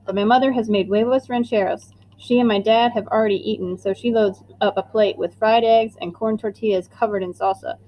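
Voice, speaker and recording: A woman's voice: medium pitch, steady tone, brisk, hardly any pauses, muffled recording, slight background noise. A woman reading a middle-grade novel aloud in the first person, with plain and earnest storytelling. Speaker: audiobook narrator. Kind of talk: first-person audiobook narration.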